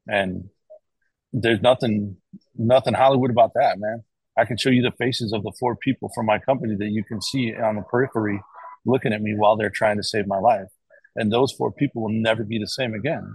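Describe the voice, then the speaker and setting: A man's voice: lowish voice, steady tone, a little fast, darkish tone, breathy edge, dry recording, low-quality recording. A middle-aged American man speaking as an interview guest, talking casually and rambling, with frequent restarts and tag questions. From United States. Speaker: guest, cardiac arrest survivor.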